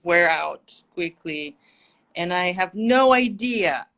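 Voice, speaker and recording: A woman's voice: on the low side, animated, takes it slowly, fairly bright tone. A woman from Russia, a native Russian speaker with a near-American accent, chatting as a livestream guest and explaining with examples. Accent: near-American English, Russian-born. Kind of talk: casual livestream interview.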